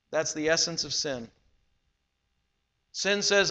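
A man preaching a sermon in a measured, emphatic way, slowing down on key phrases. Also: high-pitched, sharp tone, muffled recording. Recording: long hall reverb.

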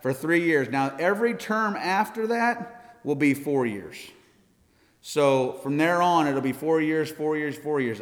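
An American man speaks as a missionary to a church congregation, earnest and folksy, and he laughs often. His voice sits a little high for a man. The room behind him is a church hall, and it rings with a long reverb. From United States.

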